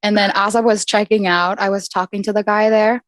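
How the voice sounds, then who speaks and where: A woman's voice: mid-range voice, flat delivery, a little fast, no echo. Giggly young woman, dry close sound. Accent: mixed American and British. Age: young adult. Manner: giggly, self-mocking, with frequent restarts. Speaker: podcast host. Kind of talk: casual chat.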